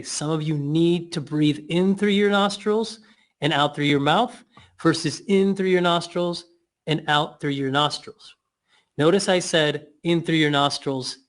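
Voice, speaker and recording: A man leading a guided breathing and mouth exercise, giving slow cues with playful asides. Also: on the high side.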